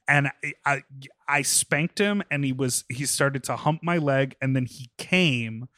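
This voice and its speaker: A man's voice: medium pitch, measured pace, sharp tone, no room sound, studio quality. A man co-hosting a podcast, chatting frankly and telling stories with easy laughs. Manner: frank, storytelling, laughs easily. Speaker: podcast co-host. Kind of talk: casual podcast chat.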